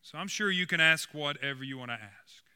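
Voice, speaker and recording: A man voicing an old, unflappable female nun who speaks in a gently reassuring way. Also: a little high, animated, fairly quick, smooth, big-room sound, pitched below the performer's own voice.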